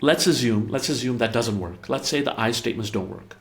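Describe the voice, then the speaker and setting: A man's voice: medium pitch, fairly quick. A man explaining relationship communication in a conversational way, often stumbling over repeated words and acting out example dialogue. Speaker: therapy practice head explaining relationships.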